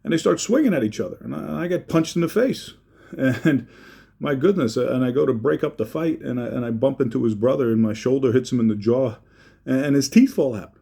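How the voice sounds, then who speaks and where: A man telling a heartfelt personal story, halting, with many fillers and restarts. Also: medium pitch, creaky, mellow, husky.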